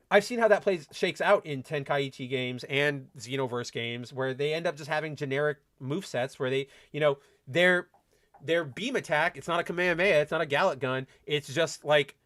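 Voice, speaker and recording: This is a man hosting a loose gaming livestream, his voice sitting a little high for a man. He rambles and stammers through restarts while reacting to viewer comments. He talks like an eager fan and swears casually. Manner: excitable, fan-like. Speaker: podcast host.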